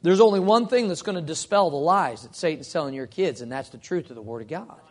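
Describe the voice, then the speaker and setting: High-voiced man preaching a sermon. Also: animated. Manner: earnest teaching, reads scripture slowly. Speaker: pastor.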